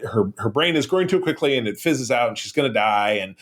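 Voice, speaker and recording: A man co-hosting a casual podcast chat, animated and jokey, slipping into character voices when quoting. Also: mid-range voice, quick pace. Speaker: podcast co-host.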